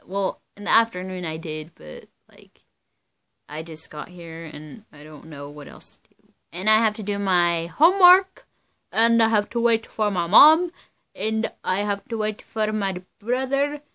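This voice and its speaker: A young woman vlogging from home in the dark, melodramatic, swinging between yelling and flat mumbling. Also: medium pitch, a little slow, smooth. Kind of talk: casual home vlog.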